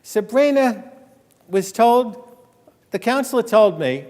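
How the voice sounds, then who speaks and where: Man, high-pitched voice, author lecturing, lively storytelling, long hall reverb. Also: measured pace, pauses often. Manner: animated, acts out quoted dialogue, jokes with audience. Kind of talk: storytelling lecture with audience quiz.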